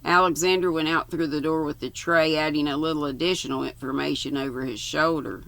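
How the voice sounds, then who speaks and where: Gravelly older woman reading aloud. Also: deep voice, steady tone, brisk, hardly any pauses, fairly bright tone. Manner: folksy, chatty asides between passages. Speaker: audiobook reader. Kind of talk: reading a novel aloud with casual asides.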